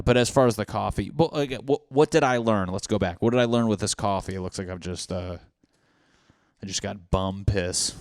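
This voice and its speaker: A man's voice: fairly low pitch, clean tone, no room sound, studio quality. A young man hosting a solo comedy podcast, rambling and self-mocking, often slipping into silly put-on voices. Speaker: podcast host.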